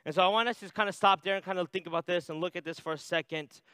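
A man's voice: high-pitched, steady tone, racing, sharp tone, clean tone, no room sound. A man preaching a sermon in a conversational way, reading scripture aloud and adding "right?" asides. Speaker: pastor.

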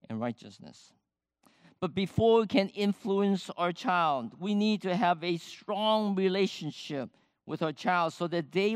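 Older guy preaching slow and steady, pushes up on the big points, dry close sound. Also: on the high side, dry recording. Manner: slow, measured preaching with emphatic rises. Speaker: pastor. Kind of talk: sermon.

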